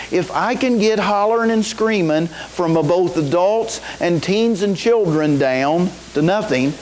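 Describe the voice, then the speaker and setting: A man's voice: high voice, a little mellow, rough recording. A man preaching a sermon to a congregation, often asking "is that right?" and waiting for a response. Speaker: pastor. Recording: faint hiss.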